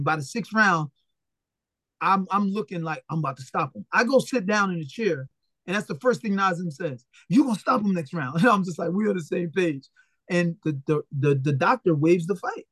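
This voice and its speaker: A retired boxer from Philadelphia, USA, with a notably high voice tells stories as a guest in a casual interview. He's blunt, animated, and full of profanity, slipping into the voices of people he quotes. The recording is close and dry, with no room sound.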